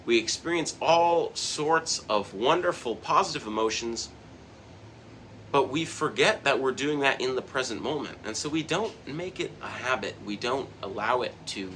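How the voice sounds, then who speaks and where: Male host for a self-help talk. Bright, lively, earnest delivery with a faint hum of ambience behind. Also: mid-range voice. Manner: earnest, emphatic, repeats words for stress.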